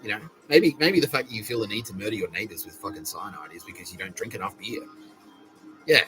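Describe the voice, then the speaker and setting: Australian male podcaster, lowish voice, cursing comic rambler over background music. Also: fast talker, bright, forceful tone, poor audio. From South Australia. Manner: profane, rambling, laughing asides. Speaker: podcast host.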